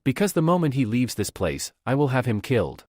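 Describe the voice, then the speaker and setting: A man's voice: medium pitch, sing-song, fairly quick, darkish tone, no echo, clean studio sound. A man reading the lines of a sinister, calculating young woman. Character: scheming young woman plotting a killing.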